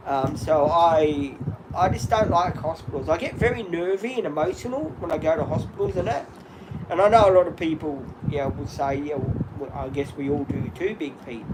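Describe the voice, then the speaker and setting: A man's voice: on the high side, noisy background. A rambling fiftysomething man on a home live stream. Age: 50s. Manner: rambling and open, talks straight to viewers as "guys". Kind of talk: candid live-stream chat.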